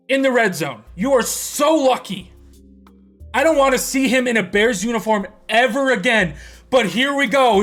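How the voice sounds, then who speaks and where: Male fan vlogger, high voice, swearing through a heated game rant, light music bed. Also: a bit bright. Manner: profane, exasperated ranting. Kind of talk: sports reaction rant.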